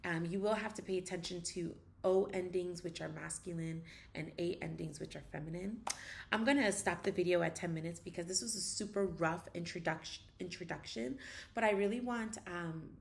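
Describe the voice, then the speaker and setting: Woman, low gravelly voice, emphatic casual teacher drilling phrases, slight hiss. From United States. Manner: repeats practice phrases slowly, emphatic. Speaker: language teacher vlogger. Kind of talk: casual spoken language lesson.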